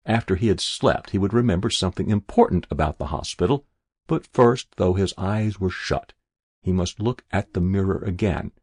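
Deep, gravelly man reading a story. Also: no echo, clean studio sound. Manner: expressive, characterful reading. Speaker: narrator. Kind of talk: storybook narration.

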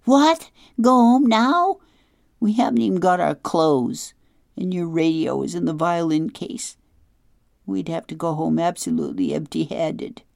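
A woman's voice: lowish voice, measured pace, a little mellow, no echo, clean studio sound, voice pushed up. A woman voicing a dramatic young girl runaway who is fussy about grammar, speaking in an earnest, whiny way. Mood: upset.

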